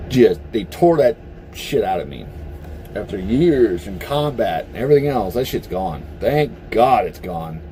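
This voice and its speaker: Male vlogger, mellow voice, lively pitch, profane heated rant. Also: unhurried, a little hiss or hum. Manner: profane and blunt; animated, heated. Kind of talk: casual opinion rant.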